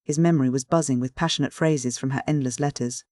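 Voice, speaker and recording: Measured audiobook reader, dry close sound. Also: medium pitch, fairly even intonation, a little mellow, no room sound. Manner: measured, literary reading. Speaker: audiobook narrator. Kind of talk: scripted narration of a Victorian story.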